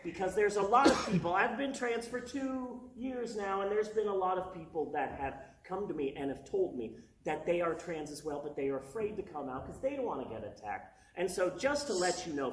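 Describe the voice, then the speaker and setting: Lively trans woman doing stand-up. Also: low voice. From United States. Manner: chatty, self-mocking, laughs at own jokes. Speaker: stand-up storyteller. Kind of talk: stand-up comedy storytelling. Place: small live venue with audience. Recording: echoey room, distant mic, background noise.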